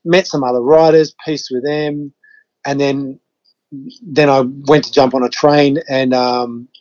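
A slightly slow, slightly mellow mid-range voice with fairly even intonation comes through dull audio. It's the Western Australian man in his fifties, a podcast guest who tells stories casually, swears freely, stays laid-back, and acts out his own reactions.

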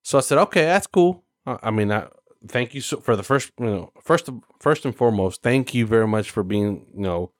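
A man co-hosting a podcast, telling a long workplace-style story in casual chat. His delivery is animated and profane, and he jumps his voice up to play the people he quotes. The recording is dry and close. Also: on the low side, fairly quick, no echo. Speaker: podcast co-host.

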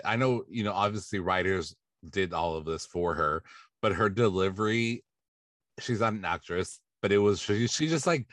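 Low-voiced man recapping celebrity gossip. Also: no room sound, clean studio sound. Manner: relaxed, chatty recapping of celebrity news. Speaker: podcast host. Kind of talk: casual chat.

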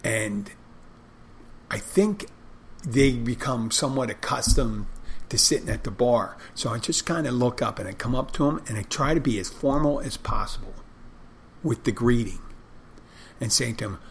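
A restaurant server and bartender casually tells stories about handling customers, acting out how he greets them in a conversational way. His voice is mid-range and his pace moderate, with slight background noise.

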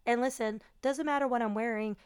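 A woman's voice: a little high, steady tone, a little fast, darkish tone, clear, resonant tone. Candid, fierce joking woman co-host. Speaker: podcast co-host, shop owner. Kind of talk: casual chat.

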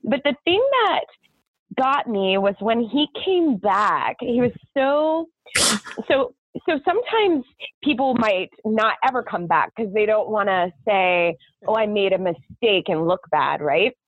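A woman's voice: medium pitch, animated, no echo. A woman who owns a kids baking party business, joining an interview by phone and telling stories in a chatty way with lots of laughter. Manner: chatty, laughs often, quick storytelling. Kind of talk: casual interview chat. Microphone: phone call. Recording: tinny dry phone line.

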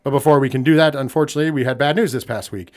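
A man's voice: mid-range voice, very fast. An American man hosting a wrestling podcast in casual chat, talking loosely with lots of fillers. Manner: conversational, many fillers, drops quiet when somber. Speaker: podcast host.

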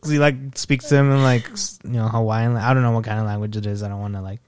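A man's voice: lowish voice, steady tone, quick pace, a little mellow. A young man chatting casually about a favorite movie, laid-back, laughing often and swearing casually. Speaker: co-host of couple's movie chat.

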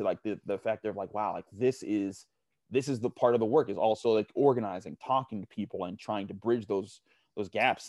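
A man's voice: on the low side, darkish tone, no room sound. A man guest in a casual interview, telling stories at length with many restarts and fillers. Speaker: sports media guest.

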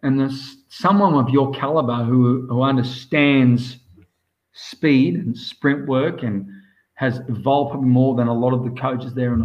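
An Australian man talking casually on a podcast. He is a swim coach and a lively storyteller who tosses "mate" into nearly every line. His voice sits mid-range, and the recording is slightly dull and lo-fi. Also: mid-range voice. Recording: muffled lo-fi audio.

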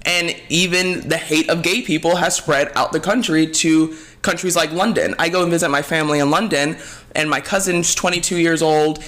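A man's voice: a little high, a bit bright. A young man from Jamaica in casual chat, telling candid stories with quoted asides.

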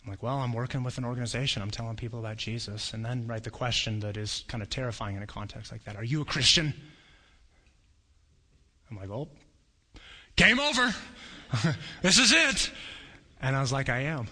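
Bright animated male preacher. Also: mid-range voice, fast. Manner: animated storytelling, acts out voices. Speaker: pastor. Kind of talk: sermon with personal story.

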